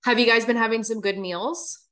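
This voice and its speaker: A woman's voice: a little high, fairly even intonation, fairly quick, pushed and bright. A woman hosting a podcast interview, casual and blunt, swearing freely. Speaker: podcast host.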